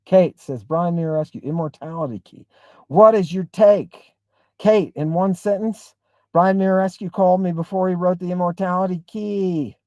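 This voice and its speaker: The host's voice is high and warm, at a moderate pace, with no room sound and the highs cut off. On his livestream he talks emphatically and wanders from point to point, answering chat comments and frequently saying "right?".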